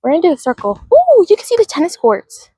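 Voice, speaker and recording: A woman's voice: extremely high pitch, wildly swooping pitch, fast, warm tone, no room sound, rough recording. A woman livestreaming as she walks through a park outdoors, chatting and greeting viewers by name, recorded on a handheld phone. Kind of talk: casual livestream chat.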